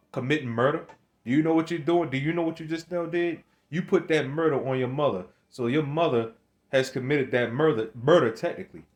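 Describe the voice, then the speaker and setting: A man delivering a rambling religious rant to camera, scolding his viewers, swearing and restarting his phrases. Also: a little high. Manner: scolding, swears, laughs between points. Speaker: religious video maker.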